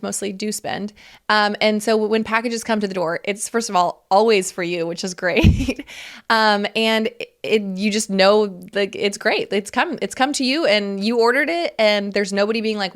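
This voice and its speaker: A woman in her thirties hosts a casual solo podcast with a gravelly, fry-laced voice at a middle pitch. She talks candidly and chattily, laughing often and swearing freely. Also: a bit bright. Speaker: podcast host.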